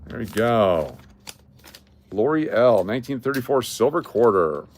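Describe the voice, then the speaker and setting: A little hiss or hum sits under this man's very animated, unhurried mid-range voice. Hosting a casual live stream of coin giveaways, he chats repetitively and calls out viewers by name as he awards prizes.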